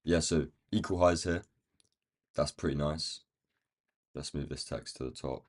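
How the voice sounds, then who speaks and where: Male streamer, very deep voice gone croaky, loose live chart commentary, thinking out loud. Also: unhurried. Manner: thinking aloud while marking up charts. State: croaky, feeling rough. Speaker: day trading livestream host.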